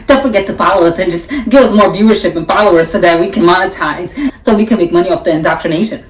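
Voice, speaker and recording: A woman's voice: lowish voice, quick pace, far from the mic, slight background noise. Sassy woman, echoey and off-mic. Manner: blunt, sassy, drawls "honey" often. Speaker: reaction video host. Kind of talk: sassy casual commentary.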